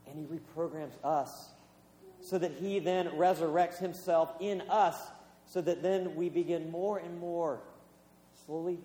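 A man's voice: a little high, steady tone, moderate pace, warm tone. A man, a pastor, preaching a sermon in a conversational, storytelling way with casual fillers. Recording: echoey hall with long reverb.

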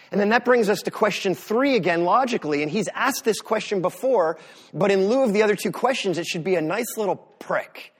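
A man's voice: sits high, lively intonation, fairly quick, breathy edge. A man from the US Northeast preaching a sermon as pastor, talking in a conversational way with sarcastic asides.

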